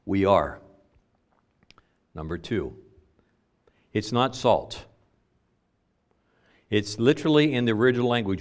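A male pastor preaching a sermon in a conversational way, slowing down and leaning hard on key words. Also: fairly low pitch, very animated.

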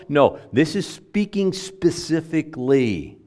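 A male pastor preaching a sermon in a conversational way, slowing down and leaning hard on key words. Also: fairly high pitch, lively intonation.

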